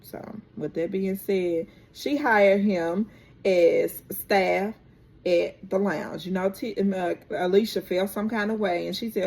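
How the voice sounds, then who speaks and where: A woman vlogger chatting through a casual, animated recap of a TV episode. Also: medium pitch, vocal fry. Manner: chatty, animated, drawn-out storytelling.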